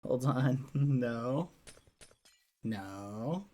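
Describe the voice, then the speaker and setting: A man's voice: medium pitch, expressive, extremely slow, mellow. A man streaming casually, chatting to viewers while coaxing his dog. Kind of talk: casual livestream chat.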